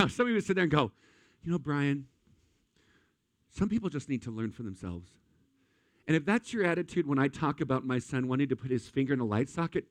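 Animated, joking male preacher. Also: high-pitched, dry recording. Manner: animated comic storytelling. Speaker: pastor. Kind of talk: sermon.

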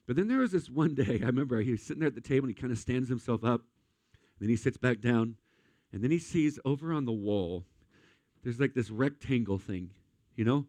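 A man preaching a sermon, a pastor who tells animated, comic stories from family life. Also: mid-range voice, a little fast, no echo.

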